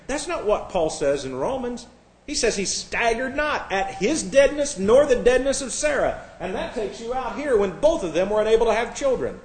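A man preaching a sermon, combative and sarcastic, dropping to hushed asides and rising to loud outbursts. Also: sits high, animated, moderate pace, echoey room.

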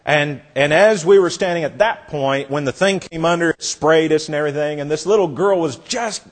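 Brief: male preacher, fairly high voice, earnest storyteller, sermon. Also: moderate pace. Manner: earnest storytelling, dropping soft for effect.

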